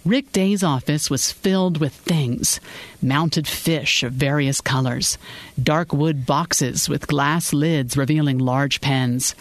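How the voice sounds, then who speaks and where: Audiobook narrator, measured, mid pitch, dry close sound. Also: no echo. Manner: measured storytelling. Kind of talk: scripted narration.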